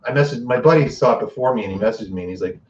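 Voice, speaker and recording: A man's voice: medium pitch, rapid-fire, slight background noise. A man hosting a show, giving an unscripted and profane recap of a TV episode and acting out the characters' lines as he goes. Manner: animated and profane, acts out quotes. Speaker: host. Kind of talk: casual spoiler recap. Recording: distant roomy dull lo-fi mic.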